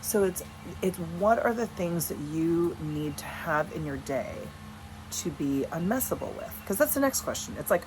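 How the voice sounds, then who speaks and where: A woman in her thirties talks straight to camera in a loose, chatty vlog, frank and unbothered, dropping the odd swear. Her voice sits on the lower side, and a faint hum of the house can be heard behind her. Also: lively intonation, moderate pace, darkish tone, rough recording. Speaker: vlogger and coach. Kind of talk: casual direct-to-camera vlog. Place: at home with dogs.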